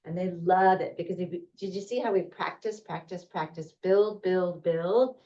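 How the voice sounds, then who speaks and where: A woman teacher demonstrating a reading routine, deliberate and encouraging. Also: fairly low pitch, dark tone. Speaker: first grade teacher. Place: school room presenting to parents. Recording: roomy, distant, dull sound.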